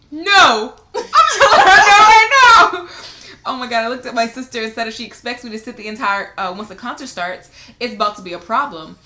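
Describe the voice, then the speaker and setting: A woman's voice: on the high side, pushed and bright. A young woman co-hosting a casual podcast, reading a listener's letter aloud, laughing often and swearing freely. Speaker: podcast co-host. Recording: roomy echo.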